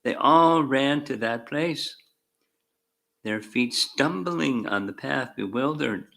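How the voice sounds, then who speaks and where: A man reads scripture aloud and stops to give his own commentary. He talks slowly and carefully in short phrases, and his voice is bright and clear. He calls out each verse number and adds dry little remarks. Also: medium pitch, animated. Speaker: spiritual teacher.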